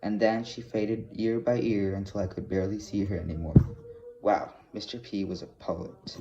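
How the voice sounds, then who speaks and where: A man reading a novel aloud at a plain, measured pace, with small slips, on a dull lo-fi recording. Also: lowish voice, flat delivery. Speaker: reader of a novel. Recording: dull lo-fi recording with faint hiss.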